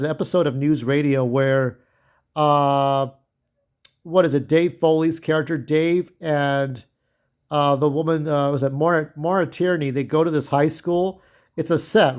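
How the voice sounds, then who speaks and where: Chatty man rambling through film commentary. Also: fairly high pitch. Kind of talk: casual movie commentary.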